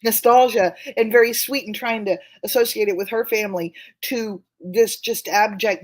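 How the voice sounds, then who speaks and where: A middle-aged guest in a casual chat, telling personal family stories in a candid, wry way and swearing now and then. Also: female voice, mid-range voice, fairly even intonation, moderate pace, hardly any pauses.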